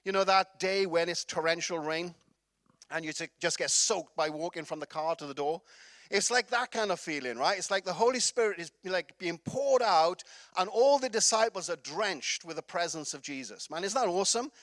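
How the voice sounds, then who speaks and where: A man's voice: high voice, moderate pace, fairly bright tone, dry recording. A middle-aged Welsh man, a pastor, preaching a sermon in a chatty, storytelling way with many fillers. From Wales.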